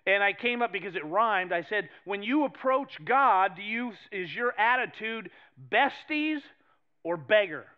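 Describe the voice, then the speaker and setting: New england pastor guy preaching, high voice, loud then hushed, muffled church recording. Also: normal speed, hardly any pauses, clear, resonant tone. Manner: animated, emphatic, swings between loud and hushed. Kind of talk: sermon. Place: church sanctuary.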